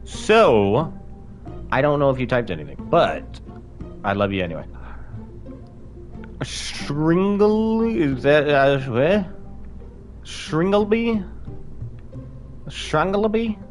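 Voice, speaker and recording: A male streamer talks through his game in a loose, playful ramble, often speaking to his chat. His pitch swings widely and his pace is unhurried. Soft music plays faintly behind him. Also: sing-song. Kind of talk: casual live-stream commentary.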